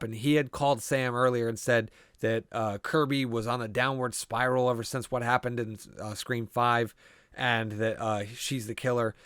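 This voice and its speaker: A man chatting loosely as a podcast co-host, retelling a film's plot with constant swearing and many restarts. His voice sits at an ordinary middle pitch. It is recorded close and dry, with no room sound. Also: fairly bright tone, clear, resonant tone, no echo. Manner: profane, rambling storyteller. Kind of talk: casual movie recap chat.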